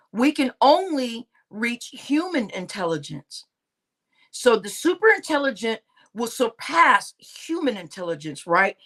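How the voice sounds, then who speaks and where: A woman's voice: fairly high pitch, fairly bright tone. A woman hosting a casual livestream monologue, emphatic, often repeating words and asking "right?". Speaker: host of a conspiracy talk stream.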